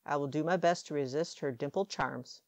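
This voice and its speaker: Female reader doing a low-voiced, dry-humored young witch woman for an audiobook; protective, teasing. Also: moderate pace, no room sound. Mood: wry.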